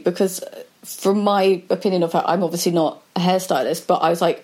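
A woman with a fairly low voice chats in a relaxed podcast conversation. She tells stories in a lively, chatty way and acts out quoted dialogue as she goes. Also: brisk. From Britain.

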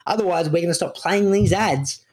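A man's voice: high-pitched, fairly quick, a little mellow. A man co-hosting a casual show, joking and rambling with many restarts. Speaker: co-host. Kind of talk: casual radio-style banter.

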